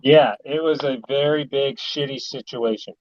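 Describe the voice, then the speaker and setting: A man chatting casually with friends, telling animated stories full of "like". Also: medium pitch, normal speed, dry recording, dull audio. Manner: animated storytelling, peppered with "like". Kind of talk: casual chat.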